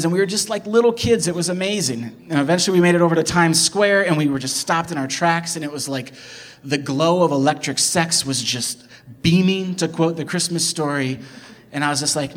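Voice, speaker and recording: A young man from the Midwest telling a personal story in an animated, excitable way, jumping from loud bursts to hushed asides and filling it with "like". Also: mid-range voice. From American Midwest. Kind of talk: personal story told live.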